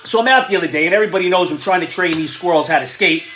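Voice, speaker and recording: A middle-aged man with an Irish accent hosting an opinion commentary show, ranting indignantly and sarcastically, often stumbling over restarts and bursting into shouting. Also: high-pitched, racing, reverberant, faint music behind.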